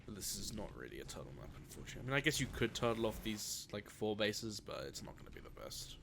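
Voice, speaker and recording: A man's voice: on the low side, very animated, fast talker, vocal fry. A young man hosting his gaming channel, talking through his game in a loose, rambling way. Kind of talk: casual gaming commentary. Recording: game sounds and noise underneath.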